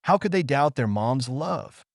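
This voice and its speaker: A man's voice: medium pitch, expressive, unhurried, no echo, clean studio sound. A man narrating a dramatic audio story in a melodramatic, scripted manner.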